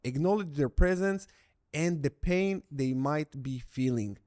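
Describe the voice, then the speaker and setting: A man's voice: on the high side, measured pace, a little mellow. A middle-aged man coaching viewers through breakup recovery, blunt and emphatic, repeating his key phrases for weight. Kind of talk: direct-to-camera coaching talk.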